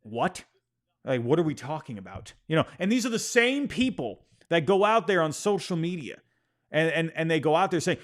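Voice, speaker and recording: Animated man ranting about sports. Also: on the high side, normal speed. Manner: animated, exasperated, repeats himself, apologizes for ranting. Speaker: sports podcast host. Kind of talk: casual opinion rant.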